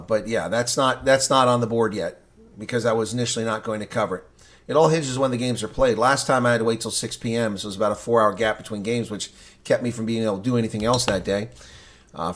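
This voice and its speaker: A man giving live reaction play-by-play commentary of a rugby match for his stream, shifting from calm calling to loud outbursts and answering viewers in chat. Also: lowish voice. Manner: excitable, swings from calm calling to loud outrage; talks to chat viewers between plays.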